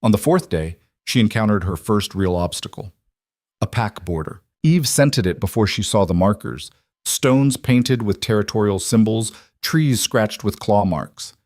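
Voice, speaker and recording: Measured male fantasy storyteller, low and dry. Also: expressive, darkish tone, dry recording. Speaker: narrator. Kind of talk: scripted audiobook narration.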